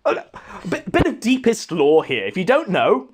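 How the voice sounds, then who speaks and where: Man, podcast host, scornful rant, high-pitched. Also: wildly swooping pitch, normal speed, a little hiss or hum. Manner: mocking, scornful. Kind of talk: casual ranting commentary.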